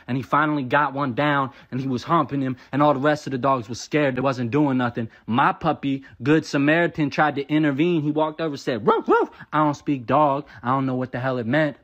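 A man telling a profane comic rant to camera, animated and cursing freely. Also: mid-range voice, lo-fi sound. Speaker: comedian.

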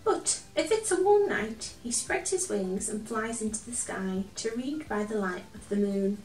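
A woman reads a children's picture book aloud in a gentle, expressive storytelling voice, pausing to chat with a toy friend. Her voice sounds set back from the mic in a roomy, echoey space. Soft music plays faintly beneath her. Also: on the high side, recorded from a distance.

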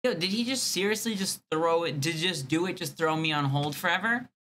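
A man chatting casually to his live stream audience, excitable and joking. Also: a little high, a little fast. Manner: excitable, joking asides to chat.

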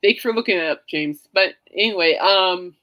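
A woman hosting a casual podcast, tearful and halting as she talks and leads a prayer, trying not to cry. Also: on the low side, sharp tone, rough recording. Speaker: podcast host. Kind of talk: casual chat and spoken prayer.

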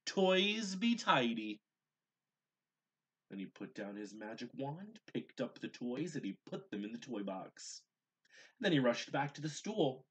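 A man teacher reading a picture book aloud to young children, gentle and expressive, adding asides about the pictures. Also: medium pitch, normal speed, breathy edge. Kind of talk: read-aloud storytelling.

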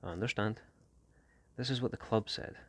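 A man's voice: fairly low pitch, normal speed, a bit bright, husky, no echo, pitched above the performer's own voice. A man voicing a wary teenage gang boy. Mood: guarded. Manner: slangy street talk, guarded and restless.

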